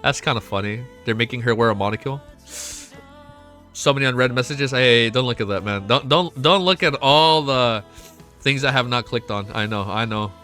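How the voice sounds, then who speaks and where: A young man streaming to his chat, excitable and emotional, swearing often and reading chat messages aloud. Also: medium pitch, moderate pace, faint music behind. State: emotional, close to tears. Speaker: streamer reacting to a web novel. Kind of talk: casual live-stream chat.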